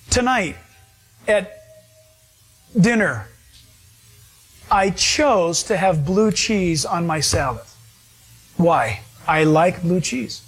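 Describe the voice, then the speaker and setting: A man with a very high voice preaches a sermon, leaning on each key point and slowing down to drive it home. He talks to his congregation directly and keeps the delivery emphatic throughout. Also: husky. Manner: emphatic, slows down to stress points. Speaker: pastor.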